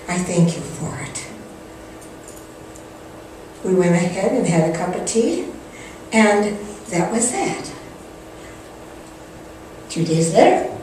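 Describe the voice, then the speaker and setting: A woman's voice: medium pitch, mellow. Older woman telling an earnest story. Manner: earnest storytelling, acts out quotes. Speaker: spiritual teacher. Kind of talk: personal story in a spiritual talk. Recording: echoey hall, distant mic, faint noise.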